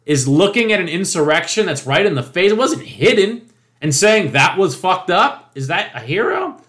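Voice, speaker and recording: Man, higher-pitched voice, profane indignant rant, emphatic, political commentary monologue. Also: very animated, normal speed, a bit bright. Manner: mocking quoted voices. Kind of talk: opinion monologue.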